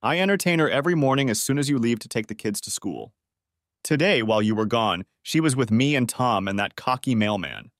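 A man's voice: mid-range voice, animated, brisk, a bit bright, no room sound, studio quality. A man doing a crude mocking neighbor. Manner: mocking, boastful. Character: taunting crude male neighbor.

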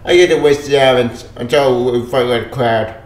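A man's voice: mid-range voice, moderate pace. Exasperated man ranting in an echoey room. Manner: frustrated, exasperated ranting with sudden loud outbursts. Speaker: comic book reviewer. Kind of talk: ranting video review.

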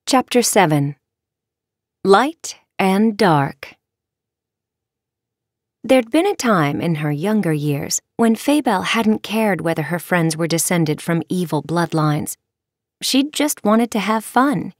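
A woman narrating a children's audiobook with expressive, measured storytelling. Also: on the low side, no echo, studio quality. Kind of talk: scripted narration.

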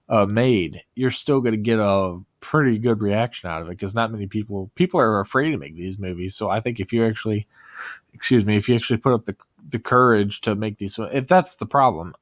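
A man's voice: lowish voice, no echo. A man talking casually to camera in a rambling, self-deprecating way. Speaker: video creator. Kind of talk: casual vlog talk.

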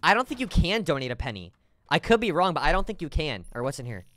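A man streaming a game live, talking to his chat in an excitable, joking way with sudden shouts. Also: fairly high pitch, fast talker, no echo.

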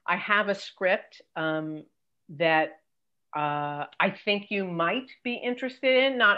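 An older woman, a career coach, giving emphatic, practical advice as a guest in an interview. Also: dull audio. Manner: brisk, emphatic, mimics pitch emails.

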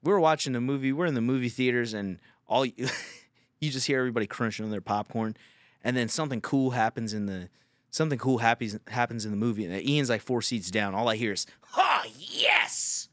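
A young man hosts a podcast, telling a rambling, profane story in casual chat. His voice sits at medium pitch and moves at a quick pace, captured in a dry, studio-quality recording.

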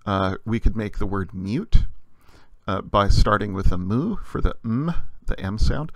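Gravelly, low-voiced male teacher. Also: expressive, unhurried, no room sound. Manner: patient and explanatory, frequent "uh" fillers. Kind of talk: recorded language lecture.

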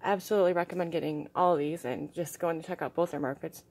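A young woman vlogging casually as she shows her crystals and artwork, gushing and soft-spoken and often dropping to a hushed tone. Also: low voice, fairly even intonation, fast talker. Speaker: vlogger showing crystals and art. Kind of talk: casual show-and-tell vlog.

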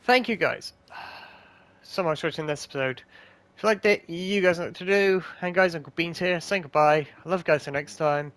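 A man's voice: on the high side, moderate pace, fairly bright tone, dry recording. A man hosting a gaming channel, swearing a lot and ranting angrily as he plays. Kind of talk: gameplay commentary.

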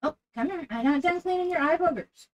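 A woman's voice: extremely high pitch, fairly quick. A woman streaming live, chatting casually with viewers and cooing baby talk at her dog. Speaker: game streamer.

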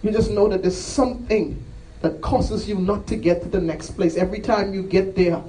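A man's voice: high-pitched, fairly even intonation, normal speed, mellow, slight background noise. A man preaching a sermon and calling people to the altar, impassioned and repetitive, with rising emphatic cries. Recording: voice from a distance off the mic.

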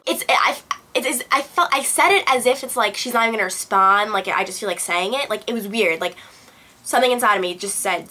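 A young woman vlogger telling a personal story to camera in a casual, animated way, acting out quotes and filling with "blah, blah". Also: medium pitch, rapid-fire. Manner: animated retelling, acts out quotes, fillers like "blah blah". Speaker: beauty vlogger.

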